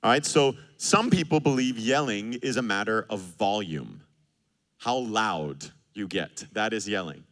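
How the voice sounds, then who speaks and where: A thirty-something pastor preaches with a bright, forceful delivery that's on the low side and a little slow. Animated and full of jokes, he performs both voices in the arguments he cites.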